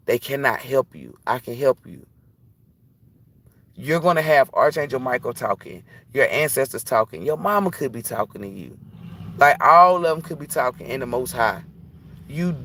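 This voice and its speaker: A man's voice: medium pitch, creaky, a bit bright. A man who reads tarot, talking casually and bluntly on a livestream, preachy and profane. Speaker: tarot reader.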